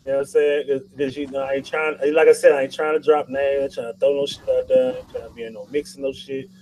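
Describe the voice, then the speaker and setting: A man's voice: medium pitch, little pitch movement, fast talker, a little mellow, rough recording. A man hosting a casual live-stream chat, loose, profane and rambling, getting fired up. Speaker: YouTube channel host.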